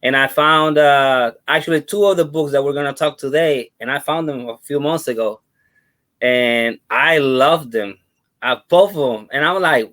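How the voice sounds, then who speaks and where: Relaxed man chatting on a podcast. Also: mid-range voice, moderate pace. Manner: relaxed, enthusiastic storyteller. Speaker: podcast co-host. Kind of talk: casual podcast chat.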